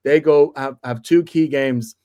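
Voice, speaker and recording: A man co-hosting a casual sports chat, talking in halting bursts full of restarts and banter. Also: medium pitch, dark tone. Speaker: podcast co-host.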